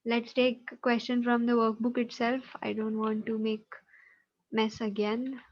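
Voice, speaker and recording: A woman's voice: a little high, little pitch movement, unhurried, dull audio. A woman teacher with an Indian English accent, patiently explaining geometry in an online class and checking in with the students often. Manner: patient, explanatory, checks understanding with tag questions.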